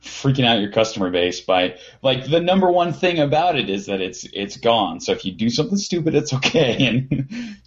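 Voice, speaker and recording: A man's voice: mid-range voice, very animated, moderate pace, slightly rough, muffled recording. A man chatting casually as a podcast co-host, rambling through a story with lots of fillers and restarts. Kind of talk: casual chat.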